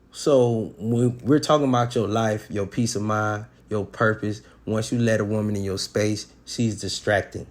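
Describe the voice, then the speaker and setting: A man's voice: mid-range voice, a little mellow. A man giving blunt relationship advice in a casual monologue, talking in slang with sports analogies and acting out quotes. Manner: profane, streetwise slang.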